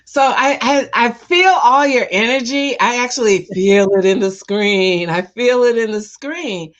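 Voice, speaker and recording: A woman hosting an interview, asking her questions in a halting way with several restarts. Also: a little high, dull audio. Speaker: host. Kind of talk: interview conversation.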